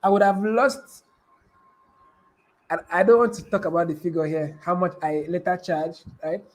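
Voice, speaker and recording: A man's voice: high voice, fairly even intonation, moderate pace, poor audio. A man giving a live motivational business talk, repeating key phrases and asking his audience questions. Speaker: business coach.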